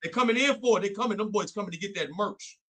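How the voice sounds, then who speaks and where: A man's voice: high-pitched, fast, sharp tone. A young man co-hosting a faith talk show, preaching on scripture in a fervent, repetitive, colloquial way. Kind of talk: preaching Bible study talk.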